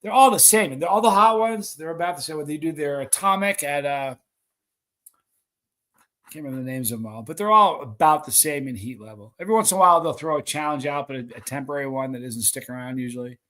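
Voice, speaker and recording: Male live-stream host, slightly high voice, excitable, reads viewer comments aloud. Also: fast.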